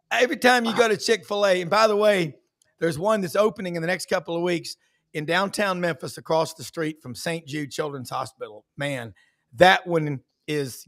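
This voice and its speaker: Gravelly high-voiced talk show host. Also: male voice, a bit bright. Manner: folksy storyteller, quick to praise guests. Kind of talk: casual sports talk show chat.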